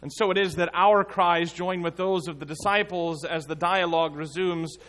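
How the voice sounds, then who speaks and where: A man preaching a sermon as pastor, in a measured, emphatic way with dramatic pauses. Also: on the high side, steady tone, a bit bright.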